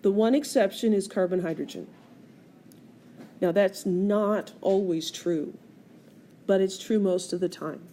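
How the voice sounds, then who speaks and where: A woman's voice: medium pitch, measured pace, pauses often, dark tone, slight background noise. A woman teaching chemistry in a screencast lecture, explaining step by step and putting questions to the class. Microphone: tablet screencast recording.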